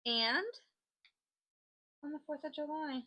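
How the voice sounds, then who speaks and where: A woman's voice: high-pitched, fairly even intonation, slow pace, pushed and bright, poor audio. A woman hosting a crafting channel, chatting casually and joking as she reads out odd laws. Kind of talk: casual chat while crafting.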